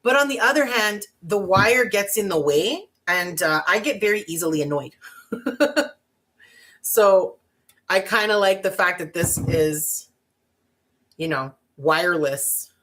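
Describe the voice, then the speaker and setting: A woman's voice: mid-range voice, animated, slow, a bit bright. A woman giving a casual crafting tutorial, chatty and bubbly with giggly asides. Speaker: craft vlogger.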